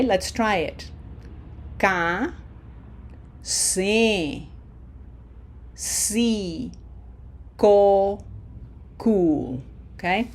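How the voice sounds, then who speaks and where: A woman leads an online pronunciation lesson at a slow, measured pace. She is patient and encouraging, pausing to ask "okay?" and sounding out syllables one by one. Her voice sits at an ordinary middle pitch. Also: mellow. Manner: slow, deliberate, models syllables aloud. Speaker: Spanish pronunciation teacher.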